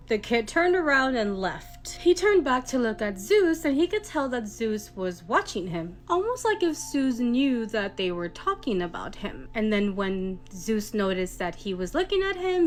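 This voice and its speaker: Animated woman retelling a scary story. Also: on the high side. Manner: animated, reacting with quick asides.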